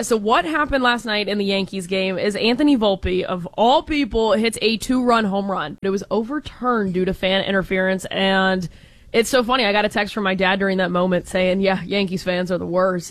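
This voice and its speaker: A woman co-hosting a sports talk show, chatting casually and excitedly, often laughing. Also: mid-range voice, no room sound.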